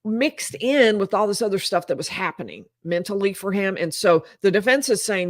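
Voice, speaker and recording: A woman's voice: mid-range voice, expressive, brisk, few pauses, dry recording, studio quality. A woman lawyer giving live legal commentary in an explanatory, emphatic way.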